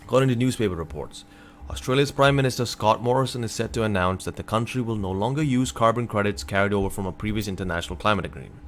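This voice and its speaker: A man with a lowish voice reads a news article aloud into his desk mic and reacts to it in a casual, exasperated tone. He often cuts in with loud, blunt remarks. A faint hum of background noise sits behind him. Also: fast. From North America. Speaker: streamer. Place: at his computer. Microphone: computer desk mic.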